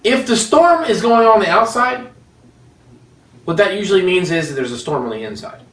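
A man preaching a sermon in an animated, joking way, laughing often as he teaches. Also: high voice, normal speed. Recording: echoey room, mic at a distance.

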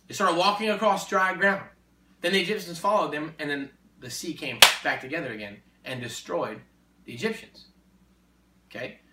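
A man preaching in a conversation, emphatic and repetitive, building to forceful exhortation. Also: a little high, moderate pace, background noise. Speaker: Christian speaker. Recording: echoey room, distant mic.

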